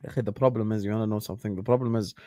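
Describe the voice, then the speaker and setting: This is a man, trading heated football banter as a co-host. He swears freely and swings from a low grumble to loud protest. The sound is dry and close to the mic. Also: fairly even intonation, rapid-fire, dry recording.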